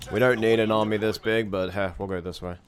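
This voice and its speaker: A man's voice: fairly low pitch, steady tone, fairly quick. A man giving rambling, sweary let's-play commentary. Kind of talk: gaming commentary.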